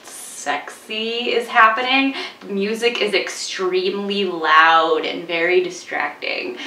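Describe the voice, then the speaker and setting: A woman co-hosting a film review chat, sarcastic and animated, mocking the characters with quoted voices. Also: medium pitch, slow pace, slight background noise. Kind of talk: casual chat. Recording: echoey room, voice a bit far from mic.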